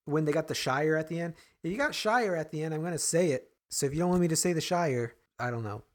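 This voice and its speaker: Guy slightly high voice, rambling casual chat, keeps correcting himself, joking around. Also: fast. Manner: rambling, self-correcting, playful. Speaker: podcast co-host.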